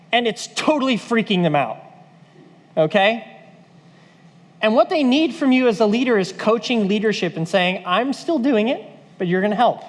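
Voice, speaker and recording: A man's voice: sits high, big-room sound. A man leading a church leadership training, talking conversationally and acting out quoted voices.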